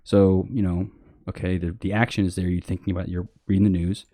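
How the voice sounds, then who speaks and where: A man rambles through a blunt, casual monologue in a low, mellow voice, full of fillers and the odd curse. He jumps into high, sarcastic voices to mock other people. The sound is dry and close. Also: level tone, a little fast, no echo. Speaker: podcast host.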